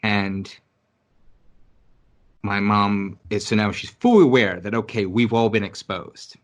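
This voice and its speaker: A man's voice: lowish voice, fairly even intonation, unhurried. A man from New York City in casual podcast chat, talking bluntly and emphatically with lots of swearing and restarts. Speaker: podcast co-host.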